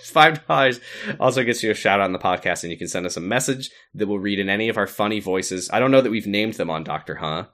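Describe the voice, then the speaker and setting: A man's voice: fairly low pitch, lively intonation, fast, a bit bright. A man co-hosting a casual podcast, joking dryly and reading out supporter thanks. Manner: dry, jokey, reads off patron names. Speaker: podcast co-host.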